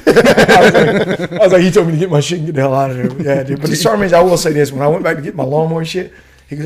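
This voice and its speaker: A man's voice: on the high side, very fast. A man telling a war story in casual chat, full of slang and swearing and breaking into laughs. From United States. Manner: profane, laughing, slangy with dude and bro. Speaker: guest, retired Army warrant officer.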